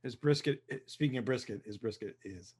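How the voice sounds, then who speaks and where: A man's voice: mid-range voice, normal speed, darkish tone, slightly rough. A man co-hosting a live brewing stream, chatting casually and agreeably in short replies. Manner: easygoing, agreeable, brief replies. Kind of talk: casual chat.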